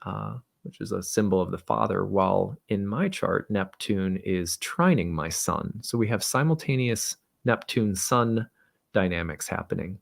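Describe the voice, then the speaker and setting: Gravelly-voiced man telling a reflective story. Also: low voice. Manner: halting, reflective. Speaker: astrologer host. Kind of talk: personal storytelling monologue.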